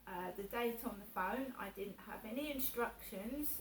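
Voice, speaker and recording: A woman's voice: fairly high pitch, normal speed, a little hiss or hum. A woman talking casually to camera in a personal vlog, chatty and repeating herself as she acts out what others said. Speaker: vlogger. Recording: echoey room, voice a little distant, faint background ambience.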